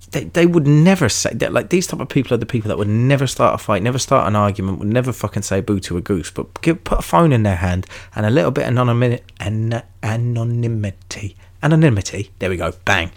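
A young man from London with a London accent, talking casually and at length on his podcast, rambling with many restarts and swearing freely. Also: medium pitch. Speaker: podcast host. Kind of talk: casual solo podcast monologue.

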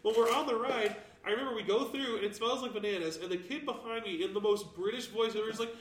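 High-voiced young man, off-mic, joking. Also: quick pace, recorded from a distance, slight background noise. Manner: relaxed joking, trailing storytelling. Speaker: podcast co-host. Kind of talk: casual group chat. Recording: echoey room, a little off-mic.

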